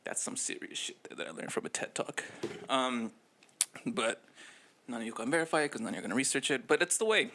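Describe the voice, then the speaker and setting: A man's voice: medium pitch, lively intonation, fast talker, pushed and bright, a little hiss or hum. A man co-hosting a casual podcast, giving loose, profane, jokey advice. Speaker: podcast co-host.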